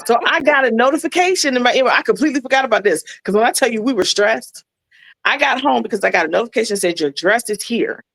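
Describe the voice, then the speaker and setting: A woman's voice: fairly high pitch, lively intonation, fast talker, gravelly, a bit bright, no room sound, rough recording. A woman guest on a casual chat show, telling a story in a chatty way and addressing the listeners directly. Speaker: guest, maid of honor.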